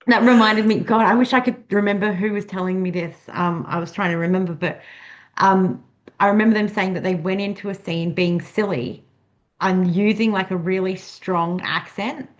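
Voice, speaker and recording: A woman's voice: medium pitch, steady tone, moderate pace, highs cut off. A woman hosting an interview, chatting casually with lots of fillers and affirming replies. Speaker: interviewer host.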